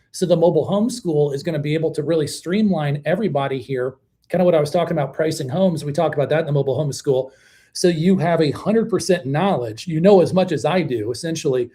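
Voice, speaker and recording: A man hosting a live stream about mobile homes, talking casually in a blunt, animated way with many fillers and restarts. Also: on the high side. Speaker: host of a mobile home channel.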